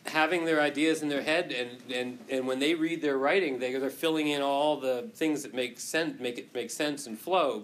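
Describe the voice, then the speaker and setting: A man's voice: medium pitch, a bit bright, slight background noise. A male teacher lecturing to a class and telling a story against himself, rambling with many restarts and frequent laughs.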